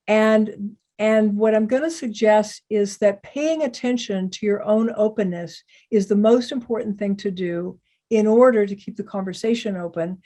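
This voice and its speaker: A woman speaking calmly and deliberately, explaining how to stay open in difficult conversations. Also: mid-range voice. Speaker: psychiatrist teaching communication. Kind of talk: calm explanatory talk.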